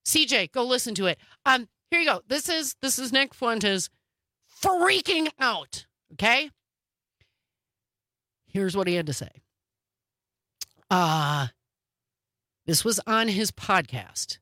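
A woman co-hosting a casual political talk show, with a sarcastic manner and quick asides. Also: medium pitch, animated, pushed and bright, dry recording.

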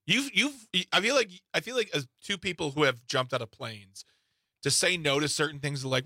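A man's voice: a little high, animated, normal speed, bright, forceful tone, no room sound, studio quality. A man co-hosting a radio talk show, joking and teasing in casual chat. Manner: joking, self-mocking.

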